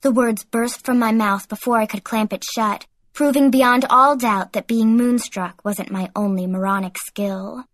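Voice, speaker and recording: Woman narrating a lively teen audiobook. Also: a little high, a little slow, few pauses, dry recording. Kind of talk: first-person audiobook narration.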